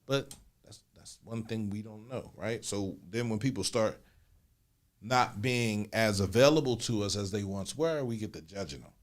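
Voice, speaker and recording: This candid podcast co-host, a man in his forties, speaks at a moderate pace with a lowish voice. His talk is loose and full of slang, and he often circles back over the same words as he thinks.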